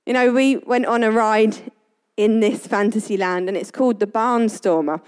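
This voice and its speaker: Woman, high voice, chatty devotional speaker who laughs often. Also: moderate pace, clear, resonant tone. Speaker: Christian speaker. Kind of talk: casual devotional talk.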